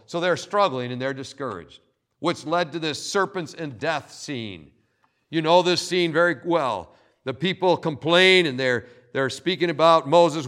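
A man preaching a sermon, telling stories in an animated way, often repeating words. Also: fairly high pitch. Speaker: pastor.

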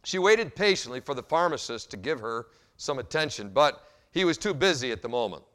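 Animated male pastor preaching. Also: a little high. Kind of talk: sermon with storytelling.

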